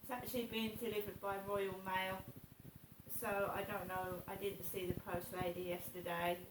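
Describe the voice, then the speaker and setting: A woman's voice: medium pitch, flat delivery, normal speed, background noise. A middle-aged woman chatting casually in a morning vlog from her home, rambling and repeating herself. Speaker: vlogger. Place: home, indoors. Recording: roomy, distant mic.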